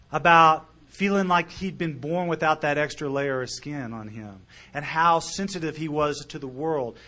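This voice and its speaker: A middle-aged man speaking to a meeting about his recovery, telling his story earnestly and emotionally, with loudness that rises and falls. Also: on the high side. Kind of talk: recovery talk to a live audience.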